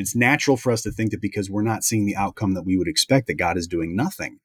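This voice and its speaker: A man with a very low voice explains scripture in a steady, measured way. The sound is dry and close, with no room echo. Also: slightly rough. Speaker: Bible teacher. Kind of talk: conversational Bible discussion.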